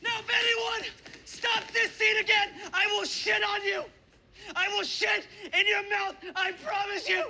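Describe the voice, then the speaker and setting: An actor playing a furious film director who screams profane threats at his crew in a movie clip, his voice shrill and strained. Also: level tone, a little slow, vocal fry, a little hiss or hum, heavily acted. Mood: enraged. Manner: profane threats, shouted at the top of his lungs.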